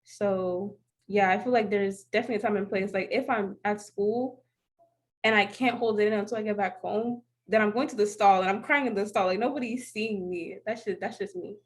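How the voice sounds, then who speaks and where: A woman's voice: medium pitch, steady tone, fairly quick. Frank woman in a casual group chat. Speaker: discussion participant. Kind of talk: casual online group discussion.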